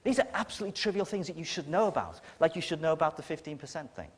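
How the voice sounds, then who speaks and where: A man's voice: a little high, expressive, racing, husky. A man with a northern English accent giving a talk to an audience, blunt and emphatic, with a sardonic edge. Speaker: conference speaker. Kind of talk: lecture to an audience. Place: lecture hall with an audience. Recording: long reverb of a lecture hall.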